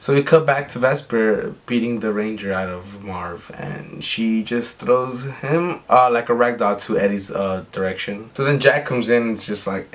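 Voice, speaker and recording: A young man retelling an episode in a loose, rambling way, with plenty of fillers. His voice sits fairly low and stays conversational. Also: moderate pace, few pauses, slight background noise. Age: young adult. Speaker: recap vlogger. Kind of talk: casual episode recap.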